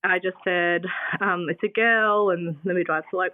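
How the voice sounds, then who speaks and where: A woman's voice: fairly low pitch, steady tone, normal speed, no echo. A woman, telling her birth story in a casual podcast interview, full of fillers. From Australia. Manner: chatty, many fillers like "um" and "like". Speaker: guest sharing birth story. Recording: dry, phone-like sound.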